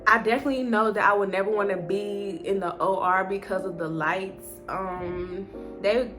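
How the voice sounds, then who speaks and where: A nursing student vlogger chats casually with music in the background, leaning heavily on "like" and "um." Her mid-range voice keeps a fairly even intonation and a moderate pace.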